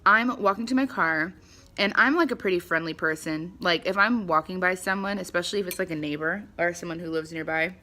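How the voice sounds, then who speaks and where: A young woman telling a casual storytime vlog at home, chatty and animated, acting out the people she quotes. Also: on the low side, a little fast. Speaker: vlogger. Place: her home, at a table by the front door.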